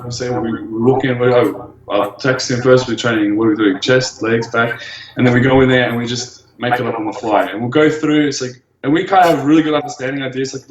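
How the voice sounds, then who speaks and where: A man's voice: mid-range voice, echoey room, dull audio. A man in his twenties, a bodybuilder guest in a casual interview, laid-back and casually swearing. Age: 20s.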